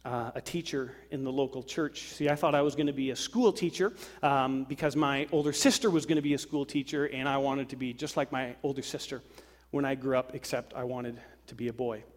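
A man preaching a sermon to a congregation, lively and acting out worried voices. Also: medium pitch, a little fast. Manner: animated, acts out worried voices. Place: church sanctuary. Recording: long hall reverb.

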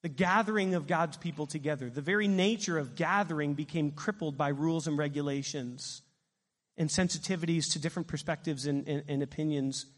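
High-voiced pastor preaching. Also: male voice, brisk, big-room sound. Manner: animated preaching, asks the congregation questions. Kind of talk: sermon.

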